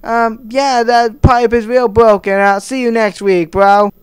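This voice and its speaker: A man voicing a dim, laid-back male repairman who drawls loudly. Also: very high voice, flat delivery, measured pace, smooth, no room sound. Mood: breezy.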